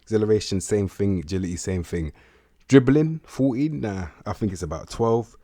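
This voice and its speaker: Slangy young man, dark dry voice. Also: on the low side, expressive, normal speed, dry recording. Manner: slangy, rambling, full of restarts and repeated "bruv". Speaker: gaming commentator. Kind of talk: casual video-game commentary.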